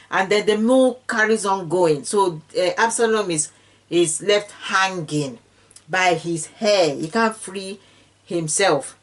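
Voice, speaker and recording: A woman retelling a Bible story in an informal way, with fillers and restarts, slipping into the characters' speech. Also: lowish voice. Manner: slips into the characters' speech when quoting. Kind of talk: casual retelling of scripture.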